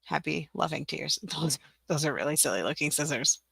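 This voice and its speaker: A young adult woman runs a casual live-stream tutorial, narrating her own clicks and teasing herself as she goes. Her voice sits low but bright, with a gravelly edge. The sound is close and dry, with no room echo. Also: expressive, normal speed. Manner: chatty, self-mocking, talks to herself while working, laughs often. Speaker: teacher-resource creator hosting a live stream.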